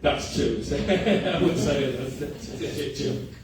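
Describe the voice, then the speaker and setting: A man's voice: a little high, lively intonation, slow pace, crowd noise. A male comedian performing a stand-up set at a cafe comedy night, self-deprecating and often laughing at his own lines. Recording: echoey room, far mic, noisy.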